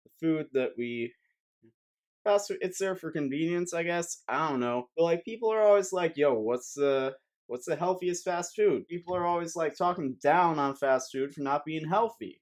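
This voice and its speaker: A young man giving a rambling, sarcastic comedic rant to camera as a vlogger, swearing often. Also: on the high side.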